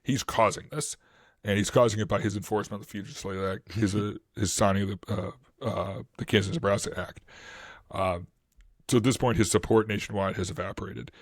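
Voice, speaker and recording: A man's voice: fairly low pitch, a little fast, no room sound, studio quality. A man with a Boston accent, co-hosting a history podcast and explaining events casually, with many fillers and restarts. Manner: rambling with many fillers and restarts, animated when quoting.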